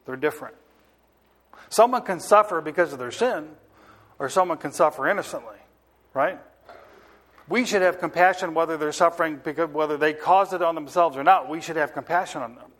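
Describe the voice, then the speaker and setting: A male pastor preaching a sermon, stressing key words slowly and often checking whether the audience is listening. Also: on the high side, fairly bright tone. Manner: asks the audience if they are listening.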